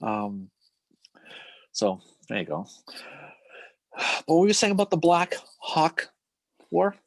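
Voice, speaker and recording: A man's voice: fairly high pitch, big pitch swings, takes it slowly, vocal fry, dry recording. A man co-hosting a casual history chat, rambling with restarts and laughing often. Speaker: podcast co-host.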